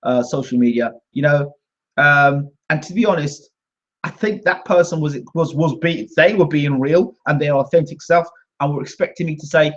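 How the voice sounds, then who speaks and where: A slightly high, somewhat bright voice at a moderate pace belongs to a British channel host ranting to camera. His tone is combative and indignant, he repeats himself, and the sound is dull and lo-fi.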